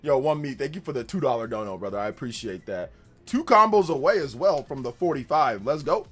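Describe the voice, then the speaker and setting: Animated man streaming, laughing often. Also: medium pitch, brisk, breathy edge, soft background music. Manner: animated storytelling, laughs often, acts out quotes loudly. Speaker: gaming livestream host. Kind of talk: casual livestream chat.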